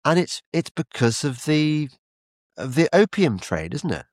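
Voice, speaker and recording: A man's voice: fairly high pitch, sing-song, a little slow, no echo, clean studio sound. A British man hosting a podcast, chatting casually and rambling, often stumbling and repeating his words. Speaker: podcast host. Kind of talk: casual conversation.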